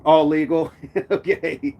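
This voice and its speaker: A playful man hosts a casual live stream, reading viewer comments aloud and laughing often. His voice sits a little high for a man, and he tends to repeat his phrases. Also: steady tone, slow, dull audio. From United States.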